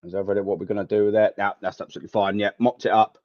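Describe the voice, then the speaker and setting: On a live football watchalong, a young man with a lowish voice races through his commentary in a flat delivery, cursing and rambling to his chat in frustration. The recording is dry, dull and lo-fi, captured on a home mic.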